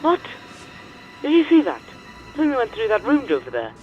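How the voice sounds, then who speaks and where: A man's voice: extremely high pitch, huge pitch swings, fairly quick, dull audio, soft background music, voice pushed up, heavily acted. A man voicing a boastful young woman diver in a video game, teasing and defensive, insisting she is not scared. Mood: dismissive. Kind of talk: reading game dialogue aloud in character.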